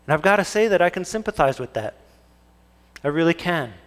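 A young man preaching a sermon from the pulpit. His voice sits a little higher than most men's. He keeps turning questions back on the congregation, and a long reverb trails every phrase through the sanctuary. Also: expressive, brisk, a bit bright. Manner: asks the congregation rhetorical questions. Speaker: pastor.

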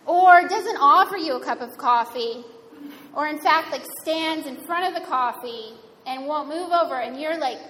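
A woman's voice: sits high, fairly bright tone. A woman giving a sermon in a conversational, wryly humorous way. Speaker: preacher. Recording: reverberant hall, faint room noise.

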